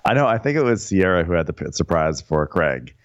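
A man's voice: deep voice, sing-song, fairly quick, no echo, muffled recording. A man co-hosting a podcast, recapping a reality show in casual chat and slipping into mocking impressions of the cast. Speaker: podcast co-host.

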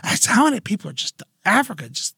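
A man's voice: sits high, very animated, fast, vocal fry, sharp tone, husky, no room sound, clean studio sound. A man co-hosting a podcast in a laid-back, rambling way, swearing freely. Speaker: podcast co-host. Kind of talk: casual chat.

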